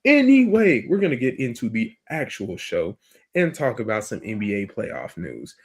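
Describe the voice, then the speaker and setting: A man's voice: fairly low pitch, big pitch swings, moderate pace. A man hosting a podcast, talking bluntly in casual opinion chat and swearing freely. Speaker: podcast host.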